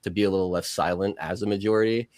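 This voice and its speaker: A man's voice: low voice, steady tone, rapid-fire, a little mellow, no room sound. A man on a political podcast, explaining his views and acting out quoted voices as he goes. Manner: storytelling, acts out quoted voices. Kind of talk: casual political podcast talk.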